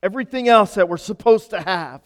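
Male pastor, high lively voice, emphatic, long hall reverb. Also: fairly quick. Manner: emphatic, swings from loud to hushed. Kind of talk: sermon.

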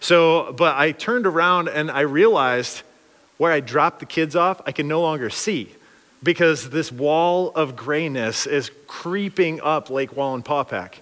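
A man preaching a sermon through a funny, animated story, acting out the people he quotes. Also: fairly high pitch, measured pace, big-room sound. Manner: animated, joking, acts out quotes.

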